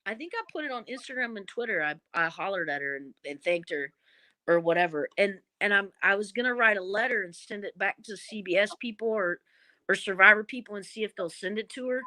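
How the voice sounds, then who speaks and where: A woman's voice: medium pitch, a little fast, no echo. A woman with a Southern Kentucky accent telling stories in a casual interview, dramatic and folksy. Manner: animated, dramatic storyteller with folksy phrasing. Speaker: guest, former reality show contestant.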